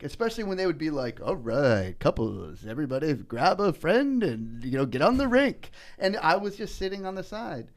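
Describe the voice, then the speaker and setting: A middle-aged man telling personal stories in a casual podcast chat, earnest and animated, often saying "man" and "you know". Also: on the high side. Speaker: political candidate guest.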